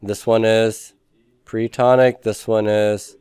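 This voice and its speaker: A male teacher walks through a review lesson in a smooth, resonant voice. He poses questions and then answers them himself, step by step. The sound is dry and close, with no room around it. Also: lowish voice, little pitch movement, takes it slowly, darkish tone, no room sound. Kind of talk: recorded class review lesson.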